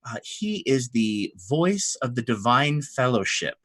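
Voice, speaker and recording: A man's voice: mid-range voice, sing-song, unhurried, fairly bright tone, pitched above the performer's own voice. A man voicing a polished, scheming woman who speaks with mock politeness in a tabletop game. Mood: mock-polite.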